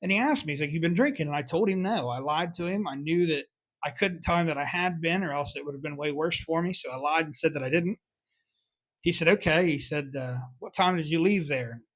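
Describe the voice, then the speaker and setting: A young man tells a confession on his podcast, candid and self-critical, with plenty of swearing. His voice sits a bit high for a man. The sound is dry and close, with no room echo. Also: a little fast, a bit bright. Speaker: podcast host. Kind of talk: confessional solo storytelling.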